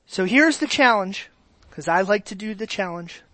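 A pastor preaching an animated sermon in a mid-pitched voice, dropping to quiet asides and then rising to loud exclamations. The preacher keeps asking the congregation direct questions. The recording is dry and close, with no room sound. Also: normal speed, no room sound.

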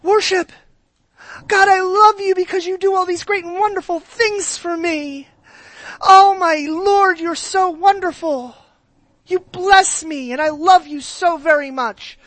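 A man's voice: very high voice, steady tone, measured pace, a bit bright, dry recording, pitched above the performer's own voice. A man voicing an overzealous churchgoer who swoons and belts out praise in a tearful, trembling voice. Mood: gushing. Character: overzealous gushing churchgoer singing loudly.

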